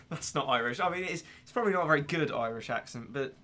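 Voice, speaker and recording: A young English man chatting casually while he streams a game, rambling and joking at his own expense. His voice is bright and sits on the high side for a man. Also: lively intonation, fast, faint music behind. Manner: rambling, self-deprecating, laughs often. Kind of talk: casual gaming commentary.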